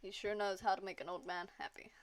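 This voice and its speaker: A woman's voice: mid-range voice, flat delivery, quick pace, slight background noise, close to an everyday voice. A woman reading the lines of a kindly old man with a bad knee in a story game, in a folksy manner, barely changing her own voice. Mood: fond.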